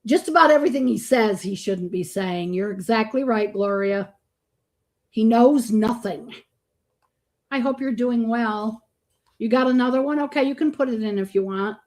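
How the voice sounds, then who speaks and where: A woman's voice: on the high side, moderate pace. A woman hosting a live reaction stream, greeting viewers by name and speaking bluntly, with frequent swearing and disgusted groans. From Florida. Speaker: livestream host. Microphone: streaming microphone.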